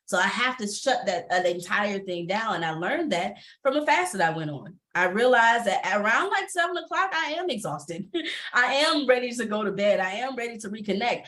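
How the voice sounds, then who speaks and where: A woman's voice: mid-range voice, normal speed. A woman, talking candidly and emphatically as a panelist on a video call, often laughing. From Atlanta area. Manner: animated, laughing, emphatic repetition. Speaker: panelist, entrepreneur and former teacher.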